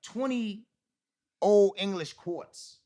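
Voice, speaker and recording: A man's voice: high-pitched, very slow, no echo, clean studio sound. A middle-aged man telling a long story in a casual chat, acting out the voices of the people in it and laughing often. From New York. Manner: animated, acts out quoted voices, laughs often. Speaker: guest storyteller.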